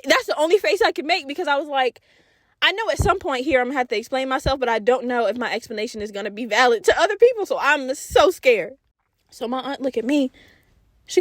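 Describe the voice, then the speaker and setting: Animated, profane high-voiced woman podcaster. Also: no room sound, clean studio sound. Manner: animated, profane, laughs while telling stories, acts out voices. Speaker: podcast host. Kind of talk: casual storytelling monologue.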